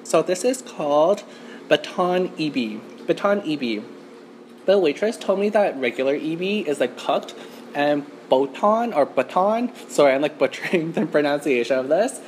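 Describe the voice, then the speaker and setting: A woman's voice: deep voice, animated, moderate pace, a little mellow, a little hiss or hum. A woman from Canada hosting a chatty mukbang eating show in an empty restaurant, talking to the camera with lots of "like" fillers. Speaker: mukbang host.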